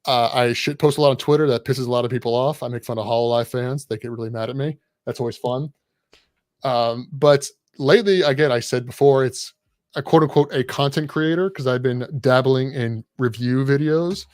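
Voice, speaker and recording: A man's voice: mid-range voice, a little fast, a little mellow, no echo. A man chatting as a podcast guest in a loose, rambling way, poking fun at himself and others. His voice sits in a middle register and is recorded close and dry, with no room sound. He talks in an irreverent, offhand manner. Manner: irreverent, rambling, self-deprecating. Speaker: guest content creator. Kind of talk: casual podcast chat.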